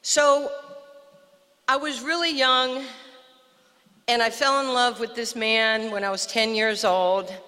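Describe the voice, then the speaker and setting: Older new york woman, bright lively storyteller, long echo from the PA. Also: on the high side, slow, pauses often. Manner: animated storyteller, acts out quotes. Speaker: guest speaker. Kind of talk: storytelling speech. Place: outdoor park dedication.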